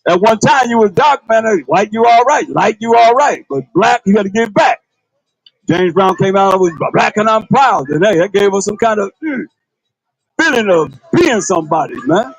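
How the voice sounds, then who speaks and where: A man's voice: high voice, expressive, moderate pace, vocal fry, no echo, poor audio. A man preaching a livestreamed sermon in a casual, repetitive way, full of rhetorical questions and calling on a reader to read. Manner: colloquial, calls on a reader to read. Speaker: priest.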